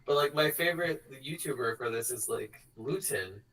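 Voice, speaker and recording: A man's voice: medium pitch, animated, distant mic, over a noisy crowd, rough recording. A man chatting casually as a tabletop game player, joking and often laughing. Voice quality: quick, joking and frequently laughing. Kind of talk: casual chat among players.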